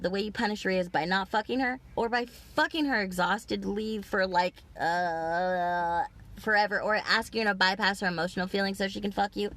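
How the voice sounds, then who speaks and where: A woman's voice: mid-range voice, a bit bright. A woman vlogging outdoors in a parking lot, telling a long, rambling, profane story full of fillers. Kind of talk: rambling personal monologue.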